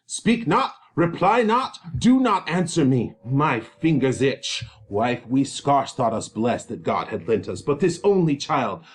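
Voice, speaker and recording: Bullying old patriarch in a fury, a man reads him, barked clipped threats, animated pitch. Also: slightly rough. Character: furious domineering older male lord, father. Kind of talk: dramatic reading of a play.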